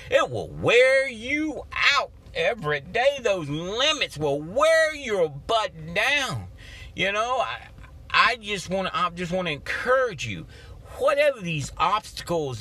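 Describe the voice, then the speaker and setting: This is a man giving an energetic motivational talk on his podcast. His voice is a little high for a man and bright, and he moves through it with big swings in pitch. He coaches like a folksy preacher. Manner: energetic, animated, acts out his own inner voices. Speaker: podcast host.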